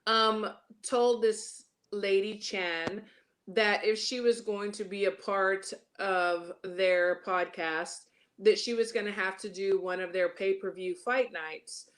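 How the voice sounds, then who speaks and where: A woman hosting a casual talk show, speaking in an animated way with lots of fillers. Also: medium pitch, slow pace. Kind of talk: casual chat.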